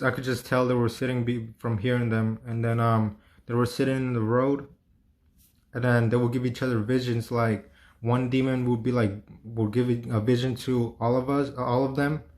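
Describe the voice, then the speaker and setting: A man talking through a personal story in a casual, meandering way. His voice stays flat, with little rise and fall. He leans on fillers, restarts himself often and swears freely. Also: medium pitch. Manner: rambling, filler-heavy, frequent restarts and swearing.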